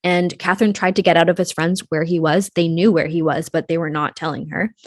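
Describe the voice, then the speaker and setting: A young woman with a lowish voice recounts a true crime case in loose, chatty podcast talk. She swears casually and her voice sinks to a mutter as each thought winds down. The sound is close and dry, with no room around it. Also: fairly even intonation, fairly quick, no room sound. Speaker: podcast host telling a true crime story.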